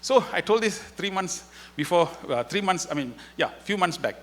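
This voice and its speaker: A man's voice: high-pitched, expressive, moderate pace, fairly bright tone. A man giving an inspirational spiritual talk at a festival as a guest speaker, telling stories animatedly and acting out their dialogue. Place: festival hall.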